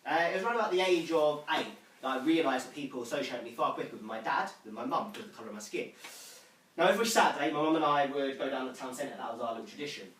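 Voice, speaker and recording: A young man telling self-mocking comic stories to a small audience in a living room, animated and lively. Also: mid-range voice, racing, recorded from a distance. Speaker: storyteller. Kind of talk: comic storytelling to a home audience. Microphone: far camera. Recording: roomy room from afar, faint noise.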